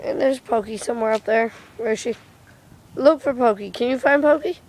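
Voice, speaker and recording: A woman's voice: on the high side, fairly quick, darkish tone. A young woman chatting casually to her camera for a vlog, giggly and given to casual swearing, filming herself indoors and then out in a windy yard. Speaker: vlogger.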